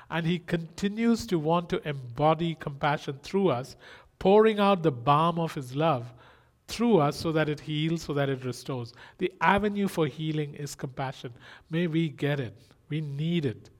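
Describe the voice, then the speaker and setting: A man's voice: fairly high pitch, normal speed. A man preaching a sermon in an earnest style, asking rhetorical questions and exclaiming.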